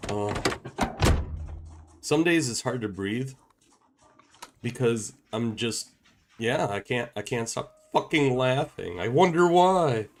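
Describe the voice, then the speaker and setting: A man hosting a gaming session, chatting casually and easygoing, quick to laugh. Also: mid-range voice, animated, a little hiss or hum. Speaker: channel host, gamer.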